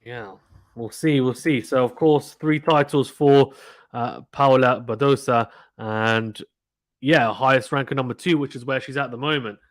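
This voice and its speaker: This man, a live stream commentator, runs a laid-back tennis watchalong with play-by-play chatter, frequently saying the same things again as he talks to viewers. His voice sits in the mid-range and moves a little slowly, with no echo.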